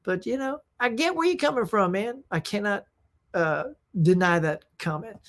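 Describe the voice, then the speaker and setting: A woman hosting a casual live-stream show, reading out viewer comments and answering them in an excitable, rambling, slangy way. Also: mid-range voice, moderate pace. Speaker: host of a live movie chat show.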